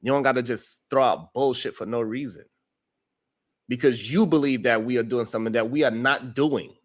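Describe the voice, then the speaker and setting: Man, mid-pitched voice, exasperated, blunt, scolding, podcast debate. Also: normal speed.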